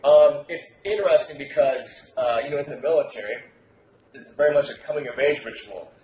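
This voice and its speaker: Brash, profane male coach, slightly high, projecting hard; roomy echo. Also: fairly quick, a little mellow. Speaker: dating coach. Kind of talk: animated podcast talk. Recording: roomy echo, faint noise.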